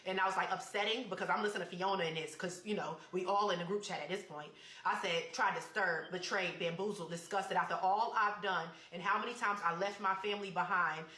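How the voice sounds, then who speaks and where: A woman telling a personal story in casual chat, animated and reading out text messages. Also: fairly low pitch, roomy sound.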